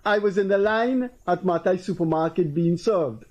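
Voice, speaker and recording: Guyanese male host, high-pitched but mellow, emphatic storyteller. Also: moderate pace, poor audio. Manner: storytelling, acting out quoted people in a raised voice. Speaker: talk show host. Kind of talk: casual political commentary.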